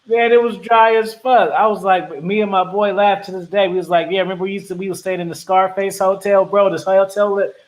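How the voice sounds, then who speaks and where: Slangy laid-back man, fairly high voice. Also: steady tone, a little fast, few pauses, poor audio. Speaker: host reading viewer questions. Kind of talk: casual chat.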